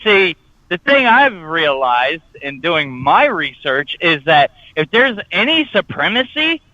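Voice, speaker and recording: A man's voice: a little high, sing-song, slow pace, pushed and bright, no room sound, lo-fi sound. A man co-hosting a morning radio show, ranting bluntly and profanely in casual banter.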